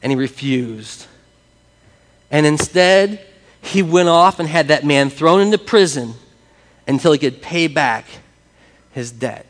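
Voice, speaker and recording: A man preaching a sermon, lively and conversational, talking with his congregation. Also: on the high side, slow, long pauses, big-room sound. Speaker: pastor. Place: church sanctuary with congregation.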